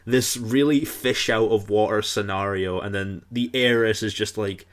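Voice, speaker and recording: Thoughtful low-voiced man discussing a film. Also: fairly even intonation, moderate pace.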